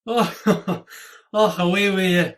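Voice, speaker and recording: A man's voice: sits high, steady tone, slow pace, fairly bright tone. A student actor playing a quirky, friendly Scotsman with a Scottish accent who teaches accents, talking over a video call. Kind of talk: online student theatre.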